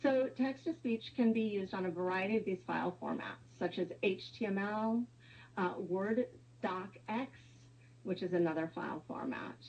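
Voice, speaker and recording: Husky-voiced woman giving a webinar. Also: mid-range voice, normal speed, darkish tone, highs cut off. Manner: explanatory, with fillers. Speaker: presenter. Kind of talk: webinar presentation.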